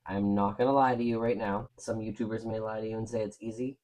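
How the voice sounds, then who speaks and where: A man's voice: on the low side, little pitch movement, fast, darkish tone. Chatty man narrating a craft build. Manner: chatty, frank, talks to viewers while working. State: out of breath. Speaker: crafting video host. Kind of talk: casual step-by-step craft demo.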